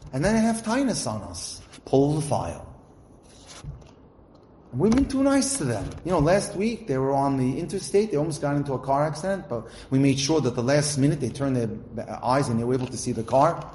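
A middle-aged man giving a religious lecture, telling a story and translating Hebrew phrases into English as he goes. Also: medium pitch. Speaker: Torah teacher. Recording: echoey room with faint background noise.

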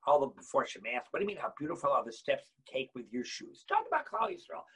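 A man teaching a Torah lesson as a rabbi, impassioned, swinging between quiet explanation and loud bursts. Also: mid-range voice, lively intonation, fast, slightly rough, rough recording.

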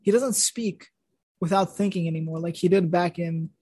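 High-voiced man retelling a Torah story. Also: moderate pace, mellow, husky, dry recording. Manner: rambling, many restarts and fillers. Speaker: podcast host.

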